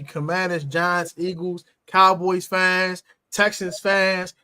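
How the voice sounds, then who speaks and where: A man hosting a sports podcast, delivering a loud, emphatic, cursing rant as a fan. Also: sits high, fairly even intonation, a little slow, hardly any pauses, no echo. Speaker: podcast host.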